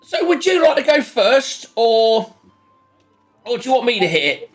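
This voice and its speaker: A man's voice: very high voice, big pitch swings, normal speed, faint music behind, voice pushed up. A man voicing a boastful, competitive woman who taunts her rival at a strength game in a tabletop role-play. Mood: taunting. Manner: brash, taunting, cocky.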